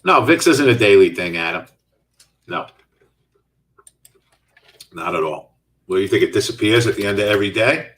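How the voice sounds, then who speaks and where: Middle-aged male trading host, lowish voice, loose live-chat delivery, sitting a little back from the mic. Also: expressive, normal speed, pauses often, a bit bright, recorded from a distance. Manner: casual, reads out and answers viewer chat while trading. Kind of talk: live trading stream commentary.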